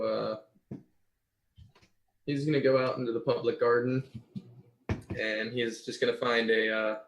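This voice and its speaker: A man playing a character in a tabletop game, speaking calmly and deliberately. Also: medium pitch, poor audio. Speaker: player.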